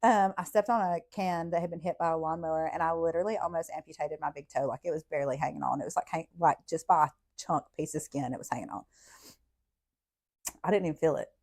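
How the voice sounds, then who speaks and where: Fast-talking woman, profane and blunt. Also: low-pitched, gravelly, darkish tone. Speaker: podcast host. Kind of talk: casual storytelling.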